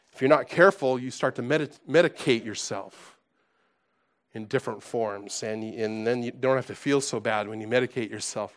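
A man preaching a sermon to his congregation, conversational and animated, dropping to soft asides and rising to loud exclaims, with frequent restarts. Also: mid-range voice. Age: adult, past college. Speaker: pastor.

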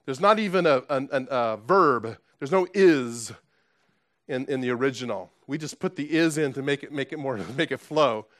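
A man's voice: medium pitch, animated, moderate pace, dry recording, clean studio sound. A man preaching a sermon in an earnest, emphatic way, asking his listeners rhetorical questions. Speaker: pastor.

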